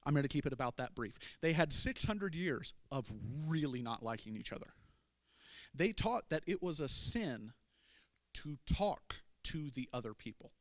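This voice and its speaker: A man's voice: on the high side, animated, moderate pace, no echo, clean studio sound. A man preaching a sermon, telling a Bible story in a folksy way with humorous asides. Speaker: pastor.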